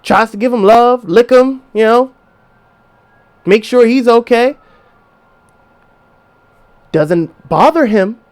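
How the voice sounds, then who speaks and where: A young adult man hosts a podcast, delivering a casual, profane, animated monologue and acting out the voices of people he quotes. His voice is extremely high, and he speaks slowly with frequent pauses.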